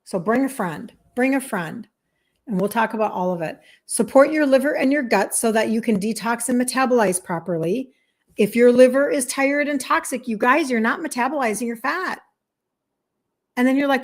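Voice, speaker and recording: A woman's voice: fairly high pitch, normal speed. A woman in her fifties, a health coach, talking to viewers in a chatty, emphatic way and laughing often. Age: 50s. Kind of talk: casual monologue to viewers.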